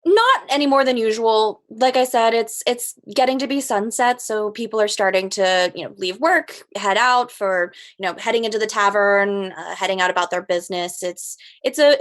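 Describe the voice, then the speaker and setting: A woman narrating as game master of a tabletop game, relaxed and hesitant, with many fillers. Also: mid-range voice, moderate pace, hardly any pauses.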